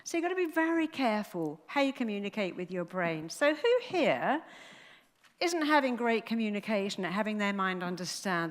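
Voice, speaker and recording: In an echoey hall with long reverb, a woman therapist gives a lively motivational talk to a live audience. Her medium-pitched voice shifts as she acts out inner dialogues in different voices.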